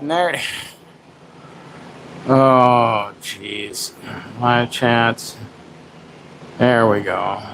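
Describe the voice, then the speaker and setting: A man's voice: mid-range voice, drawn-out words, pauses often, a bit bright, slight background noise, poor audio. A man hosting a casual livestream from home, rambling, mocking himself and baby-talking to his dog. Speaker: livestream host.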